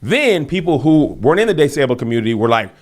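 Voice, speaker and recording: A man's voice: on the high side, very animated, quick pace, darkish tone. A man co-hosting a podcast in casual chat, talking things through carefully with frequent restarts. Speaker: podcast co-host.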